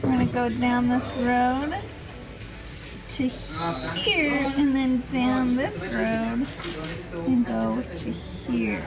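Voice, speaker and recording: A young woman with a high, bouncing voice that swings up and down as she chats through a travel vlog in no hurry. She is playful and giggly and loves a pun. Upbeat music plays loudly under her the whole time. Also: expressive, drawn-out words. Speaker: travel vlogger. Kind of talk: casual travel vlog chat.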